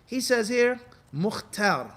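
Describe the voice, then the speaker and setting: High-voiced man teaching a lively class. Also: slow. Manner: animated, quizzes class with repeated "what?" prompts; acts out quoted people in lively bits. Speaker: Islamic law teacher. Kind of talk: classroom lecture.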